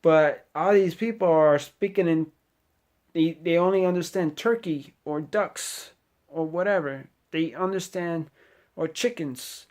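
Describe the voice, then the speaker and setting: A man's voice: fairly high pitch, unhurried, a little mellow. A middle-aged man, a Navy sailor, giving a casual motivational talk to the camera, preachy and rambling with lots of "you know" asides. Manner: preachy, exhorting the viewer directly.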